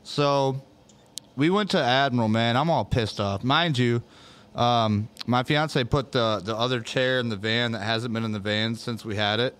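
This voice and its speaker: A man's voice: medium pitch, unhurried, a bit bright, clean tone. A man hosting a casual chat show, telling rambling, profane stories full of fillers. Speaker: podcast host.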